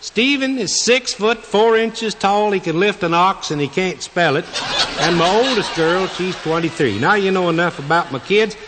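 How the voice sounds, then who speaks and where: A man's voice: high-pitched, moderate pace, background noise. A middle-aged man, telling folksy jokes on stage to an audience. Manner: drawling, joke-telling, rural folksy talk. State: has a cold. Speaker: comedian on stage. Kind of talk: folksy stage comedy monologue. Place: large venue with stage and audience. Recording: reverberant hall with audience ambience.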